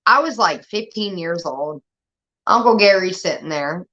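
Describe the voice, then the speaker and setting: A young woman telling rambling, profane stories in casual chat, getting animated as she retells them. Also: fairly low pitch, measured pace. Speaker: show host. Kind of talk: casual storytelling rant. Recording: dull lo-fi stream audio.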